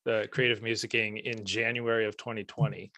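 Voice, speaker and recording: A man's voice: on the low side, brisk, no echo. Laid-back Canadian Maritime man, dry sound. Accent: Prince Edward Island Canadian. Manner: relaxed, chatty, laughs easily, trails off softly. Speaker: guest, music teacher and author. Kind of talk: casual interview conversation.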